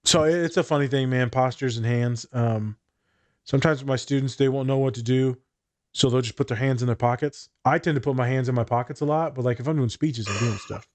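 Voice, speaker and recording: A man's voice: medium pitch, fairly quick, a little mellow, no echo. A man, a teacher, chatting casually on a podcast, laid-back and swearing freely. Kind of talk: casual chat.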